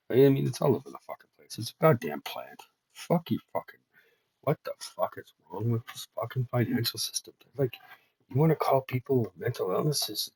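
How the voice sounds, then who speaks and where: A man's voice: on the low side, breathy edge, no echo. A man talking casually to his stream, cursing heavily and stammering when worked up, then muttering to himself as he works at his computer. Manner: mutters quietly to himself while using the computer. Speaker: streamer working on a worldbuilding project. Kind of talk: casual solo stream talk.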